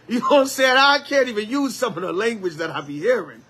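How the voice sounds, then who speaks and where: A man preaching a Bible lesson as an elder, lively, with call-and-response and acted-out quotes. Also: high-pitched, fast talker, hardly any pauses.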